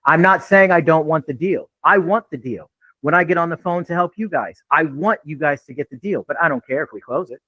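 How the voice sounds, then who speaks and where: A man's voice: a little high, brisk, sharp tone, no echo, muffled recording. A man giving an unscripted real estate training talk in a blunt, laid-back way with frequent swearing.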